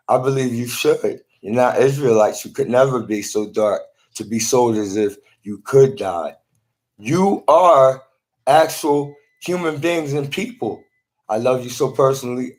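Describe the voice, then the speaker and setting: A man's voice: mid-range voice, darkish tone. A man talking to a phone in a rambling monologue, often repeating and restarting his words.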